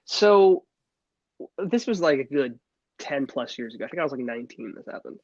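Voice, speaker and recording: A man's voice: medium pitch, lively intonation, brisk, a little mellow, dry recording, highs cut off. A young man co-hosting a podcast in casual chat, rambling with many restarts and fillers. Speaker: podcast co-host.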